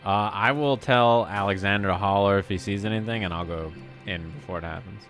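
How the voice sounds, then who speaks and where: A man's voice: lowish voice, a little fast, over music. A man playing in a tabletop game, talking in a casual, laid-back way.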